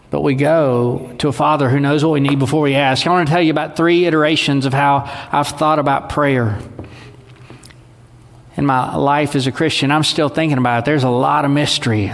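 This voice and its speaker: A man, preaching a sermon in a conversational, folksy way. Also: medium pitch. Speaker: pastor. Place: church sanctuary. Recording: long hall reverb.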